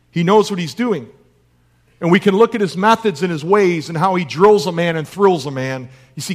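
A man preaching a sermon in an earnest way, asking his listeners rhetorical questions. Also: fairly high pitch. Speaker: pastor.

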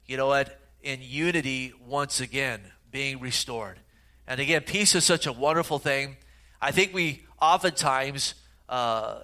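A man's voice: medium pitch, pushed and bright. A middle-aged man giving a sermon as a pastor, in a conversational, storytelling way with frequent fillers.

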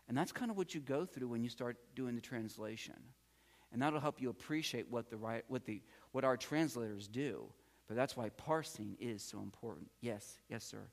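A man's voice: mid-range voice, lively intonation, normal speed, vocal fry. A man giving a patient, encouraging classroom lecture as a Greek teacher, often repeating key words. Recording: long hall reverb.

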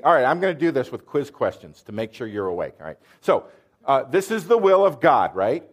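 Earnest male preacher teaching a room. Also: medium pitch. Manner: earnest, explanatory, asks the room questions. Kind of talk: sermon with quiz questions to the audience.

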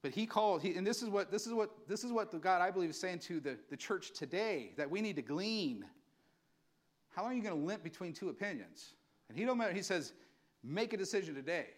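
A man's voice: sits high, lively intonation, brisk. A male pastor preaching an impassioned, conversational sermon, acting out quotes as he goes. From California.

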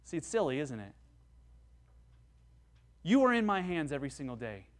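Guy preaching a sermon, pastor voice a bit on the high side, earnest, gets emphatic. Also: very animated, moderate pace. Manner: earnest, emphatic, with rising peaks on key points.

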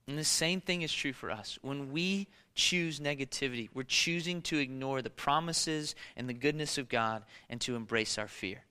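A man preaching a sermon, animated and conversational, with casual fillers and rhetorical questions. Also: medium pitch, normal speed, hardly any pauses, clear, resonant tone, big-room sound. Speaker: pastor.

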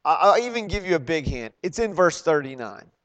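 A man preaching a sermon, animated and questioning his listeners. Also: on the high side, fairly quick, highs cut off. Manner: animated, acts out quoted voices, loud emphatic bursts; asks the congregation questions.

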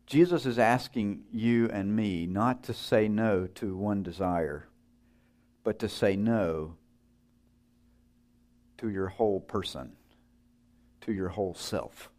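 A man's voice: on the low side, slow, long pauses, darkish tone. Conversational male preacher. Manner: conversational, asks the audience questions and acts out the story's voices. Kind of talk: sermon.

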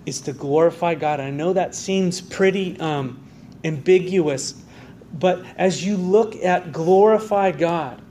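A man's voice: on the high side, a little mellow, a little hiss or hum. A man preaching a sermon as pastor, with an American accent, earnest and full of rhetorical questions and restarts. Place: church sanctuary.

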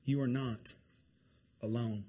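A male pastor preaching with emphatic, repetitive delivery, swinging from forceful loud phrases down to hushed ones. His voice sits at an ordinary middle pitch. He keeps checking in with the congregation as he goes. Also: fairly even intonation, slow, breathy edge. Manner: emphatic preaching, repeats lines and asks the congregation if they are hearing him. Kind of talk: sermon.

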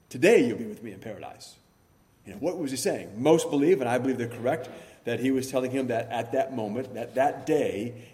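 Guy preaching a sermon, mellow dark voice, slow careful teaching with some uhs. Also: mid-range voice. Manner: measured teaching delivery with occasional fillers and emphatic stresses. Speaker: pastor. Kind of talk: expository sermon.

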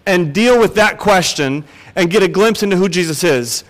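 A man's voice: high voice, animated, normal speed, fairly bright tone. A man preaching a sermon as pastor, earnest and speaking straight to the congregation. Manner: earnest, asks the congregation direct questions. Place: church sanctuary. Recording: reverberant church hall.

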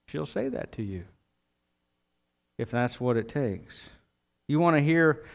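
Slow, clear-voiced male preacher. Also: a little high, very animated. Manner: reads scripture then preaches conversationally with asides. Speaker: pastor. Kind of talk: sermon.

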